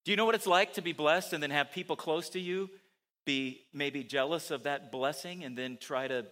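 Male preacher, sermon, rhetorical questions, bright voice, slightly high. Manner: animated, many rhetorical questions to the listeners.

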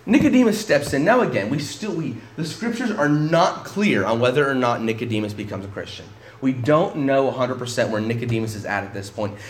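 A man's voice: mid-range voice, expressive, fairly quick, hardly any pauses, reverberant, slight background noise. A male pastor preaching a sermon in an emphatic, conversational way, often breaking off and restarting his sentences.

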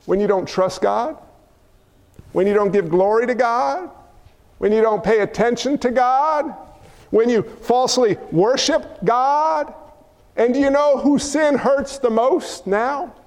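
Impassioned preacher, man, very high voice, ringing hall reverb on every line. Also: slow, a little mellow. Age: adult father of young children. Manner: impassioned, builds to emphatic outbursts. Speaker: pastor. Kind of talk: sermon. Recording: long reverb of a large hall.

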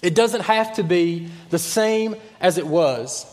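A man preaching a sermon as pastor, earnest, sometimes dropping to a hushed voice on key points. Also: high voice, slow, in a large hall.

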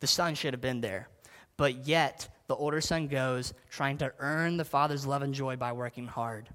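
A man's voice: mid-range voice, normal speed, a bit bright. A man preaching casually, often saying "like" and asking his listeners direct questions. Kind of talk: sermon.

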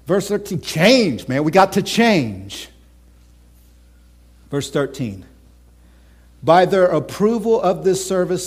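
A man preaching a sermon as pastor, impassioned, swinging between loud, emphatic lines and hushed whispers. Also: a little high, husky. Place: church.

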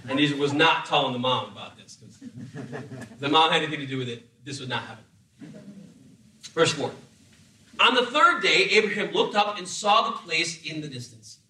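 A man preaching a sermon in an animated, humorous way, acting out voices as he tells the story. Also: a little high, normal speed, pauses often, roomy sound, recorded from a distance, a little hiss or hum, low-quality recording. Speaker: pastor.

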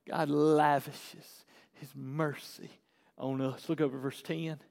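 A male pastor preaching a sermon, swinging between hushed and shouted passages. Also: fairly high pitch, flat delivery, slow, gravelly. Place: church sanctuary. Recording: echoey church hall.

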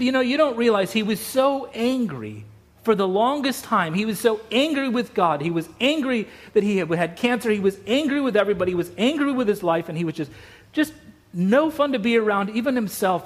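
A man's voice: sits high, lively intonation, brisk. A middle-aged man from Utah preaching a sermon, telling stories with emphatic, repeated phrases. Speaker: pastor.

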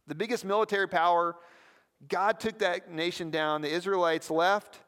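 A man preaching a sermon as pastor, lively and conversational, often prompting the listeners with questions. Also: sits high, normal speed, clear, resonant tone. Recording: long hall reverb.

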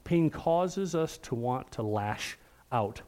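A man's voice: mid-range voice, lively intonation, slow pace, darkish tone. A middle-aged male pastor preaching a sermon in an earnest, conversational way, often checking in with the room.

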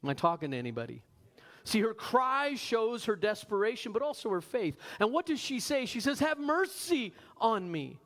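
A man preaching a sermon as pastor, animated, asking the congregation rhetorical questions and slowing down for emphasis. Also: sits high. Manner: varies pace, slows for emphasis.

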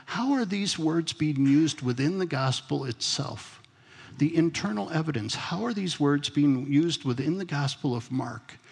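A man's voice: fairly high pitch, creaky, slightly rough, long reverb tail. A man preaching a sermon as pastor, in a conversational way, asking his congregation questions. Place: church sanctuary.

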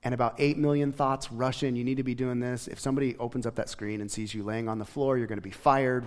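A man preaching a conversational sermon as pastor, drifting between soft, hushed stretches and emphatic bursts. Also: mid-range voice, steady tone, quick pace, hardly any pauses. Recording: long hall reverb.

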